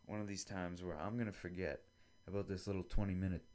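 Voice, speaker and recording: Low-voiced man rambling on a podcast. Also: fairly even intonation, quick pace, darkish tone. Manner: rambling, acts out both sides of imagined dialogues; casual and profane. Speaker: podcast host. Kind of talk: solo podcast monologue.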